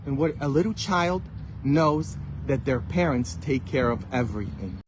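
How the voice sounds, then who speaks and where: A man, a Catholic priest, preaching a sermon with emphatic rhetorical questions and sudden loud bursts. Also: medium pitch, expressive, normal speed, background noise.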